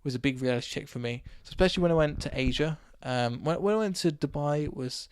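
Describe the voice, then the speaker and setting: A man from England, hosting a casual solo podcast and telling a rambling story while his voice is going hoarse. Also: fairly high pitch, quick pace, dry recording, studio quality. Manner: rambling, animated anecdote with acted quotes. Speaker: podcast host.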